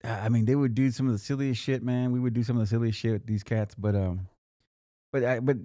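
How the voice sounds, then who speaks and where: Fast-talking man, rambling podcast chat. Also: mid-range voice, fairly even intonation, warm tone, dry recording, clean studio sound. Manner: rambling, swears freely, many restarts. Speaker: podcast co-host. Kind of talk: casual chat.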